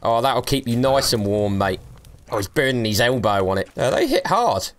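Young man, gaming commentary, cheeky taunting tone, very lively pitch, laughs a lot. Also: moderate pace. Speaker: gaming streamer. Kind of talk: let's play commentary.

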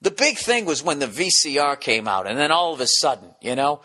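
A middle-aged man hosting a podcast, rambling through a profane comedic monologue full of quick restarts. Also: a little high, sing-song, bright, forceful tone. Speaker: podcast host.

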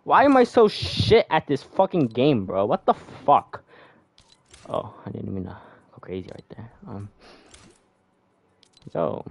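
A young man giving loud, swearing, exasperated commentary while playing a game. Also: mid-range voice, huge pitch swings, slow pace, vocal fry, long pauses. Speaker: gamer streamer. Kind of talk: casual gameplay commentary.

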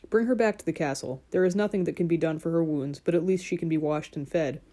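A woman voicing a kind young prince in a fairy-tale audiobook, speaking gently but with quiet authority. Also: low-pitched, fast talker. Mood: gentle. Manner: gentle yet commanding.

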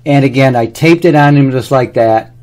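A man with a medium-pitched, darkish voice speaks at normal speed in a casual to-camera ramble full of anecdotes. As he talks, he demonstrates a health product on his own body.

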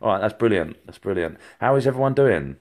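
A man's voice: lowish voice, lively intonation, fast. A man giving a rambling live-streamed psychic reading, talking straight to viewers with many fillers and restarts. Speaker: psychic medium.

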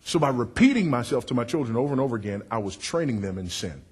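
A middle-aged man preaching a sermon with a big voice, emphatic and wry, dropping low and rising loud for effect. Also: lively intonation, quick pace, few pauses, slightly rough. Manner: confessional and wry, working the crowd.

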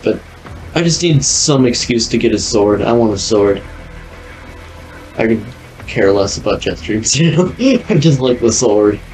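A man's voice: medium pitch, animated, measured pace, darkish tone, low-quality recording. Young dude rambling over his game, lots of "like", faint game music behind. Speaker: gaming video host. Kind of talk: casual gameplay commentary.

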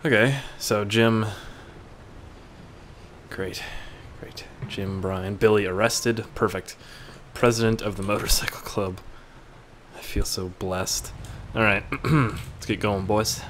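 Crude joking gamer man, low voice. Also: steady tone, takes it slowly, a bit bright, slight background noise. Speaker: gaming YouTuber. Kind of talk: casual gameplay commentary.

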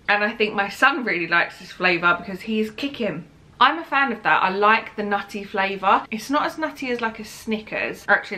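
A woman's voice: mid-range voice, pushed and bright. A young woman, tired and heavily pregnant, chatting candidly through a snack taste test and talking while she eats. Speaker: vlogger. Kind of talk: casual taste-test vlog.

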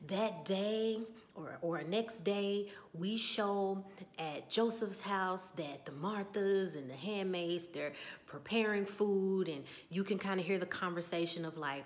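A woman's voice: on the low side, unhurried. A woman giving a casual recap and review of a TV episode, telling it as a story and acting out the characters' lines with exclamations. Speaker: TV recap vlogger.

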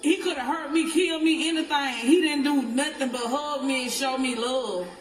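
A woman's voice: high voice, moderate pace. A middle-aged woman, telling a story in rambling, swearing casual talk, recorded echoey and far from the mic. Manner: rambling, swearing, laughs as she talks. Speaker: interviewee in a clip. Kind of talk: casual live video talk.

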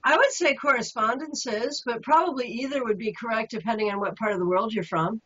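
Brief: higher-voiced woman, enthusiastic tarot show host, dull lo-fi sound. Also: fairly quick, sharp tone, a little hiss or hum. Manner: affirming, enthusiastic interviewer. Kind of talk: casual chat about tarot. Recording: dull lo-fi audio.

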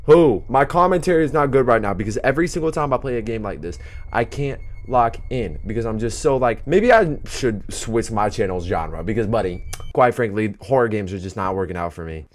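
A young man doing let's play commentary on a horror game, jumpy and excitable, talking to himself and his chat and reading game text aloud. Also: fairly low pitch. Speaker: gaming YouTuber. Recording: music playing behind voice. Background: background game music.

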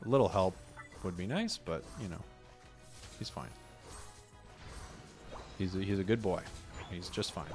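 Over music, a low-voiced man streams a video game, speaking at a measured pace with long pauses. His commentary is casual and joking, and he gets animated ranting at teammates.

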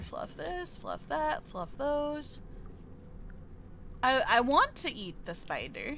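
High, lively, cutesy gaming streamer woman. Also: slow pace, a little hiss or hum. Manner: cutesy and jittery, frequently whimpering about being scared. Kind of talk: live let's play commentary.

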